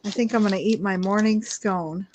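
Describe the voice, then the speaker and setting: A woman's voice: mid-range voice, normal speed, muffled recording, noisy background. A woman chatting casually as a guest on a livestream, joining by phone. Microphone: phone on a live call.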